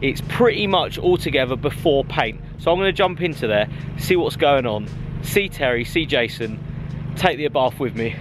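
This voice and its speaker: A young man presenting a car vlog, excitable and chatty, playful as he drives. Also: medium pitch, normal speed, noisy background. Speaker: car vlogger.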